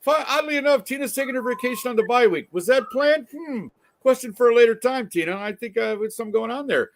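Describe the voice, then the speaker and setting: A man's voice: extremely high pitch, expressive, quick pace, creaky. A man hosting a casual talk show, chatting and joking asides to the audience. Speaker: host. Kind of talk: casual chat.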